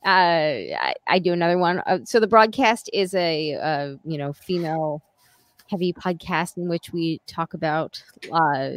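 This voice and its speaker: A woman's voice: low voice, animated, unhurried, no room sound. A woman chatting as a guest on a podcast, joking and self-deprecating. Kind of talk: casual podcast chat.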